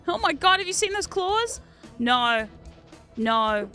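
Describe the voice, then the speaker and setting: Bright high-voiced Kiwi woman streaming. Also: animated, a little slow, soft background music. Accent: New Zealand. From New Zealand. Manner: chatty, swears freely, laughs often. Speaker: VTuber streamer. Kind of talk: casual gaming stream chat.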